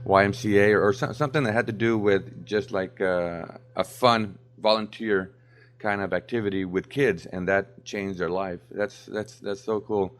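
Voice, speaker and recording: A man's voice: fairly low pitch, fairly even intonation, normal speed. A man hosts a podcast in casual conversation. He reacts with enthusiasm and often repeats his words. His speech is full of fillers and restarts. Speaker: podcast host. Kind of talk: casual interview.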